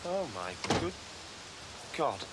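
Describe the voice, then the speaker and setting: A bewildered husband who has just moved in. He stammers and sounds taken aback, in a slightly high voice. The sound is a noisy TV broadcast. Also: sing-song, slow. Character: bewildered newly arrived husband.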